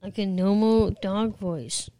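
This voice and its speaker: Quiet, reluctant female co-host. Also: mid-range voice, takes it slowly. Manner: quiet, reluctant, brief replies. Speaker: podcast co-host. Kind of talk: casual chat.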